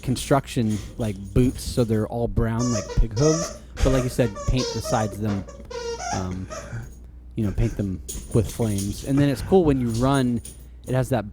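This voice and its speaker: A man's voice: mid-range voice, moderate pace, mellow, faint music behind. A man co-hosting a podcast, chatting casually in a rambling way, with lots of "like" and frequent laughter. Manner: rambling, heavy use of "like", laughs often. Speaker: podcast co-host. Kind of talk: casual chat.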